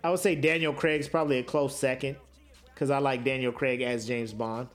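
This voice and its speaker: A man's voice: mid-range voice, fairly even intonation, moderate pace, faint music behind. A man co-hosting a podcast in casual chat, joking and slangy, laughing often. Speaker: podcast co-host.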